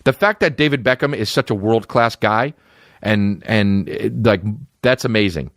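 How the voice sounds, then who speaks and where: A man's voice: fairly low pitch, normal speed, a bit bright, dry recording, clean studio sound. A man hosting a comedy podcast, riffing and jumping into exaggerated character voices. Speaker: podcast host.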